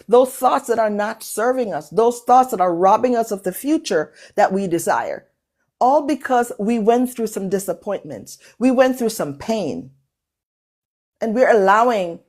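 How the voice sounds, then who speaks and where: A middle-aged woman speaks with an accent, hosting a motivational session on a live call. She leans hard into key words and repeats lines for effect, like a preacher, at a middling pitch. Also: darkish tone. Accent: non-native English accent. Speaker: motivational speaker and workshop host.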